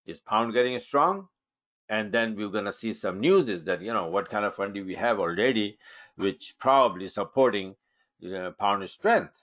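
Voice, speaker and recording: A man's voice: on the low side, expressive, moderate pace, a bit bright. A man teaching forex trading in a live webinar, thinking aloud as he marks up charts, with punchy emphasis on key moves.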